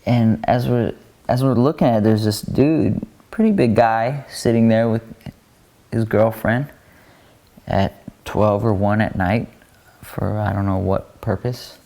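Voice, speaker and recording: A man with a low, mellow voice talks over skate footage, naming tricks and spots. He drifts into stories casually, with many fillers and restarts along the way. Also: unhurried. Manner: relaxed, rambling storytelling with fillers. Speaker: pro skateboarder.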